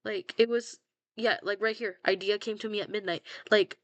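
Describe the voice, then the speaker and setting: A woman's voice: mid-range voice, fairly even intonation, moderate pace, no echo. A young woman chatting casually about her own fan fiction, blunt and self-mocking, swearing freely and laughing at herself. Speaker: fanfiction writer scrolling her own archive.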